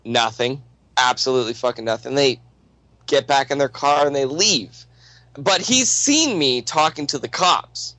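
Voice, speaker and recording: Bright-voiced man telling a profane story. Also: mid-range voice, animated, unhurried, no room sound, rough recording. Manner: profane, rambling with many restarts. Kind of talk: casual anecdote telling.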